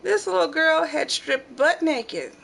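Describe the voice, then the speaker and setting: A middle-aged woman hosting a home channel, telling family stories in casual chat and acting out the quotes loudly. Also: high voice, slow pace, vocal fry, a little hiss or hum. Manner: animated storyteller, acts out quotes loudly. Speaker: channel host.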